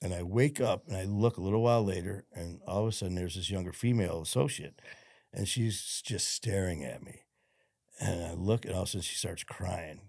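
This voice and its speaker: A man's voice: low-pitched, a little fast, vocal fry, a little mellow, dry recording, clean studio sound. A man, a former cop and podcast guest, telling his story in a frank, rambling, profane way full of fillers. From Detroit, USA. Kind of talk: casual storytelling interview.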